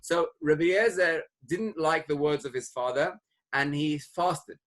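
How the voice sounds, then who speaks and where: A middle-aged rabbi delivers a Torah lecture, his voice sitting a little higher than most men's. He explains his sources patiently and moves into storytelling, lifting his tone when he voices the people in the story. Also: measured pace, a bit bright. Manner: explanatory, retells stories and lifts his voice for quoted speakers. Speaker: rabbi teaching a class.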